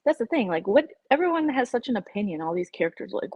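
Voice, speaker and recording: A woman vlogger chatting casually with viewers on a livestream, opinionated and lively when she quotes people. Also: mid-range voice, fast, few pauses, husky, no room sound, muffled recording. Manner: chatty, opinionated, animated quoting. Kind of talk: casual live chat with viewers.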